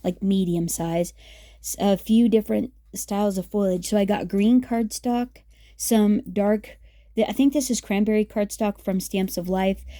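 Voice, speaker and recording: A woman's voice: mid-range voice, warm tone, no echo, studio quality. A woman hosting a casual craft tutorial, chatty and upbeat with many fillers as she works. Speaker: craft video host.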